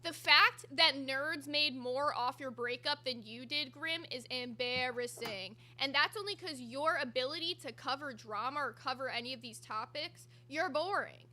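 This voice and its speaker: A woman's voice: sits high, normal speed, few pauses, sharp tone. A woman hosting a commentary stream, blunt and mocking, swearing freely. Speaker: host.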